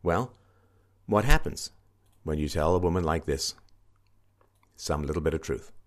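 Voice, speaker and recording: A man with a very low voice talks through a news article, reading passages and stopping to comment. He is emphatic and keeps repeating his key points. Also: measured pace. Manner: emphatic, repetitive, swings into mocking higher-pitched quoting.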